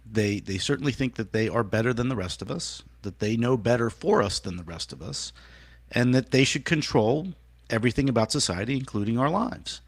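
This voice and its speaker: Gravelly-voiced male co-host. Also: medium pitch, dry recording, clean studio sound. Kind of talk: political talk show chat.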